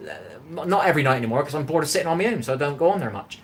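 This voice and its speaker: A man's voice: a little high, very animated, rapid-fire, creaky. A middle-aged man from England with a Bristol accent, chatting with viewers on a live cooking stream in his home kitchen and reading out their messages. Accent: Bristol English. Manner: chatty, greets viewers by name, reads out chat.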